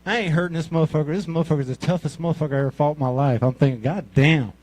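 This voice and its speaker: A man in his sixties with a Mississippi Southern drawl tells rambling, profanity-laced stories in a stand-up set. His voice sits a bit high for a man, and his delivery is crude, loose and conversational. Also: very fast, a little mellow, rough recording. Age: 60s. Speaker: amateur comic at a talent show. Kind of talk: stand-up storytelling.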